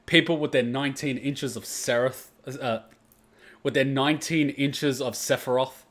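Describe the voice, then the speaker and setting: A man hosting a casual reaction video, animated and outspoken, swearing and laughing as he talks. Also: medium pitch, measured pace, long pauses.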